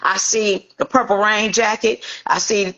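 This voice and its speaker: A middle-aged woman from Inglewood, California, a celebrity hairstylist telling an animated story and acting out the voices of the people in it. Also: medium pitch, a little slow, muffled recording. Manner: acts out quoted voices, lively anecdotal.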